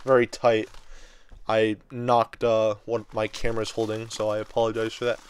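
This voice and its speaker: A man of twenty rambling excitedly with many fillers while unboxing collectible figures in a casual vlog. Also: on the low side, moderate pace, slight background noise. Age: 20s. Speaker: toy reviewer.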